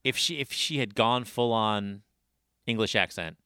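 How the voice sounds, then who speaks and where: A man co-hosting a podcast in casual chat, animated and emphatic. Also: fairly low pitch, a little slow. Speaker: podcast co-host.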